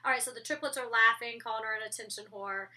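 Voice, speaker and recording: A young woman reviewing a reality show in a casual vlog, blunt and profane, talking with lively storytelling. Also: a little high, fast talker, recorded from a distance. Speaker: reality show reviewer, former cast member.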